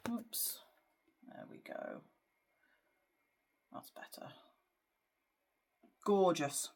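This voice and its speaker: A woman's voice: lowish voice, huge pitch swings, very slow, vocal fry, a little mellow, slight background noise. A woman psychic giving a spiritual card reading to camera, speaking earnestly and hesitantly with frequent fillers. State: emotional at times. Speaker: psychic medium.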